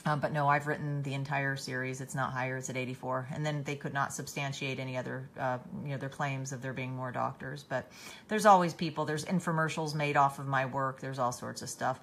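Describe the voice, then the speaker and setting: A woman's voice: rumbling low, fairly even intonation, fairly quick, a little hiss or hum. A woman hosting a casual live stream, tired, reading out viewer comments and answering them by name with many fillers and restarts.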